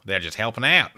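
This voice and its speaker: A man streamer hosts a casual livestream, reacting with sarcastic commentary and frequent laughter. His lowish voice is bright and forceful, with clean studio sound and no echo.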